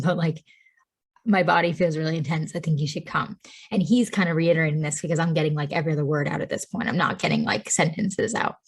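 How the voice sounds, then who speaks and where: A woman in her thirties from Tennessee, a podcast guest telling a personal story in a chatty way, laughing often and saying "like" a lot. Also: low voice. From Tennessee, USA. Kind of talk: casual storytelling.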